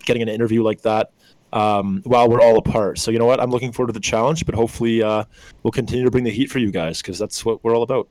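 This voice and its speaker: A man's voice: medium pitch, darkish tone, no echo, poor audio. Laid-back man signing off a podcast, dry sound. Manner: upbeat, laid-back banter. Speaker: podcast co-host. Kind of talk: casual podcast sign-off.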